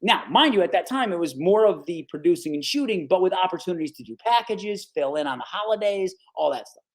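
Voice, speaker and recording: A man in his forties who broadcasts sports and hails from upstate New York's Capital Region is telling stories as a podcast guest in an easygoing interview. He talks a little fast in a high voice, animated and doing impressions of quoted speakers, with plenty of "dude" and "right?"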